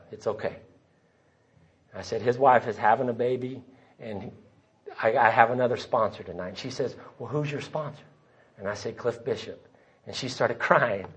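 Husky-voiced man telling his story. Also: mid-range voice. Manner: storytelling, voices the people he quotes. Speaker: recovery meeting speaker. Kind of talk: personal testimony talk. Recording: dull lo-fi recording.

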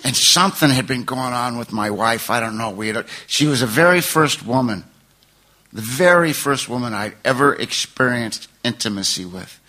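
An older man stands before a recovery meeting and tells a long, painful story from his own life. His voice is bright and forceful. He rambles and laughs at himself. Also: medium pitch, lively intonation, normal speed. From California.

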